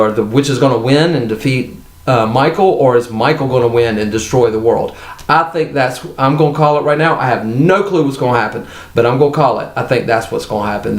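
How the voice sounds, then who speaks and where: A man's voice: medium pitch, echoey room. A man hosting his own TV review channel, talking in a casual, rambling and enthusiastic way with frequent restarts.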